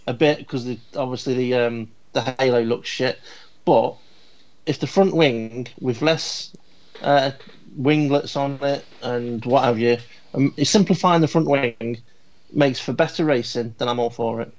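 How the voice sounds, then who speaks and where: A man on a podcast panel giving blunt, sweary opinions in quick bursts. His voice sits in a middle range, and the recording is dull and lo-fi. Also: medium pitch. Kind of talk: casual chat. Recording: dull lo-fi sound.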